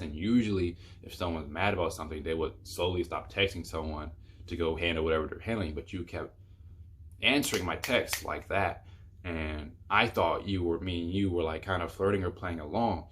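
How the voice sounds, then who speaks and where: A man's voice: low voice, slight background noise. A young man telling a rambling, exasperated storytime on his vlog, full of fillers. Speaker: YouTuber.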